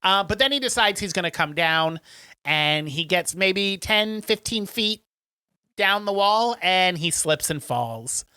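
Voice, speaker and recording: A man co-hosting a casual podcast who walks through a film's plot scene by scene. He slips into the characters and pitches his voice up for their lines. His tone is bright and very clean, recorded close and dry. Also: unhurried, clean tone, dry recording. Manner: animated retelling, acts out characters in raised voices. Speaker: podcast co-host. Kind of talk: casual chat recapping a film.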